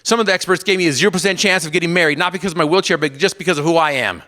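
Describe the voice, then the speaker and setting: A man giving a motivational speech to an audience, telling a personal story with repeated refrains and swinging from loud emphatic bursts to hushed lines. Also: on the high side, very fast. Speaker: motivational speaker.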